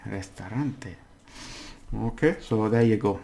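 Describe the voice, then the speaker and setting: Male language tutor, patient and deliberate, gravelly, sounds out each syllable. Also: fairly low pitch, fairly even intonation, darkish tone. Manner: patient, repeats words slowly syllable by syllable. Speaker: Spanish language teacher. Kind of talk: casual spoken language lesson.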